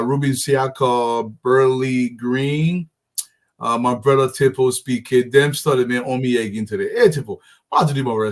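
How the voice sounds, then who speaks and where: A man runs a live talk show and greets his audience by name. His delivery is friendly and rambling, full of fillers and restarts, in an ordinary mid-range voice. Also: medium pitch. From Liberia. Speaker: show host.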